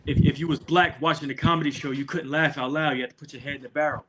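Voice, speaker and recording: Male co-host, slightly high voice, laid-back banter, faint hiss. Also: fairly even intonation, fast talker. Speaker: podcast co-host. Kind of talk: casual podcast chat.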